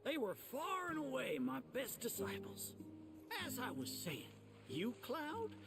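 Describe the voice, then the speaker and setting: An actor playing a gruff, folksy old male chocobo rancher in a video game, with a gravelly voice and old-timer sayings. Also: very high-pitched, wildly swooping pitch, slow pace, full character voice. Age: older. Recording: game dialogue over loud music. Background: game music.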